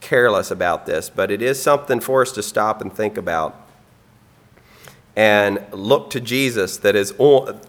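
Guy giving a sermon, kinda low voice, earnest and plain, lots of ums. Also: normal speed, a bit bright. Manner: earnest, plain-spoken, with frequent ums and throat clearing. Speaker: preacher.

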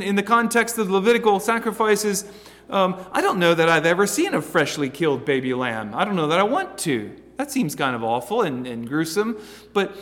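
A man preaching a sermon in a big hall, his fairly high voice ringing with a long reverb. He talks earnestly, stumbling into restarts, rising loud and then dropping to a hush. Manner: earnest, stammering restarts, swings between loud and hushed.

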